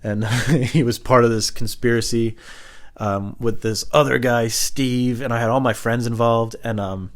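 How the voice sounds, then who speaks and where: A man's voice: mid-range voice, steady tone, a little slow. A young adult man telling a story in a loose, meandering, self-mocking way, swearing casually. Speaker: host.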